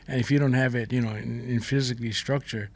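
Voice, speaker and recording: An older man from Hawaii, a guest chef telling stories in a lively, casual way with pidgin turns. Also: mid-range voice, quick pace. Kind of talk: casual storytelling.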